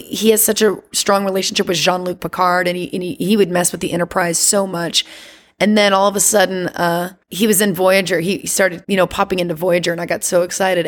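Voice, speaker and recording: A woman chatting as a podcast guest, animated and laughing often, with many fillers. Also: on the low side. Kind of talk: casual chat.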